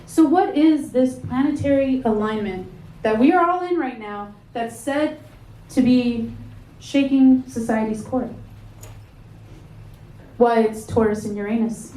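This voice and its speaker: A woman in her thirties performing a stand-up comedy set with a dry, deadpan delivery on a club stage, speaking into a handheld mic. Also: on the high side. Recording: echoey club with loud audience laughter.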